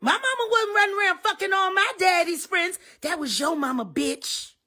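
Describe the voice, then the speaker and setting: A middle-aged woman giving a heated, profane live stream rant that swings between sharp insults and weary muttering. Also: extremely high pitch, normal speed.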